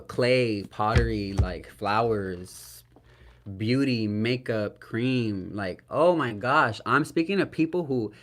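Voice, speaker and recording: A man giving a solo tarot reading to the camera. He is earnest and emotional, speaks to viewers as "y'all", often asks "right?" and talks in spiritual terms. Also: on the low side. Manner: spiritual, invokes Spirit and archangels. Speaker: tarot reader.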